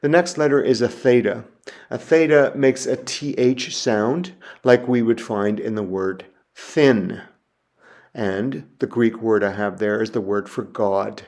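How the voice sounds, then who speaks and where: A man giving a recorded lecture, walking through letters slowly and methodically, repeating each example word. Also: on the low side, a little mellow. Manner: slow, methodical, spelling sounds out and repeating words. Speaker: teacher.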